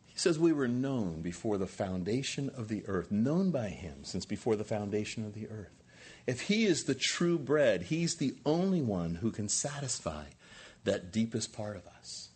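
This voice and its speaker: A man's voice: fairly low pitch, big pitch swings, moderate pace, darkish tone, breathy edge. A man in his sixties, a pastor preaching an earnest sermon and building emphasis through repeated phrases.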